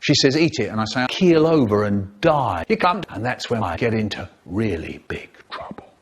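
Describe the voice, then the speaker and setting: A man telling comic stories in an animated way, acting out voices and sound effects. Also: on the low side, normal speed, slightly rough. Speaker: storyteller. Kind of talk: comic storytelling, spliced remix.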